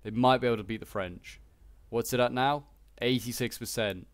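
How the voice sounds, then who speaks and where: A man's voice: mid-range voice, moderate pace, no echo. Chatty man commenting on gameplay. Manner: chatty and rambling, many fillers like "like" and "uh".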